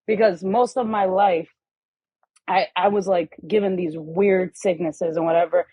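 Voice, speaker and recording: A woman's voice: medium pitch, fairly even intonation, normal speed, dark tone, slightly rough, no room sound, poor audio. A woman guest on a podcast in casual conversation, telling stories animatedly and acting out the voices of the people in them.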